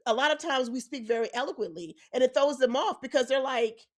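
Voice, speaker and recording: Woman podcast co-host, higher voice, earnest storyteller, emphatic and outspoken. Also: a little fast. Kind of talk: casual opinionated chat.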